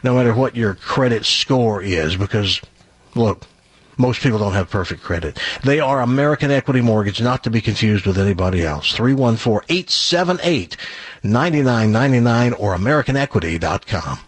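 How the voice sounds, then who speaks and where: A middle-aged man hosts a radio show, telling a joke in a loose, rambling way and then moving into a live ad read. His voice is a little husky and his pitch moves a lot as he talks. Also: lively intonation, normal speed, no echo. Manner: chatty, rambling, chuckling at his own jokes.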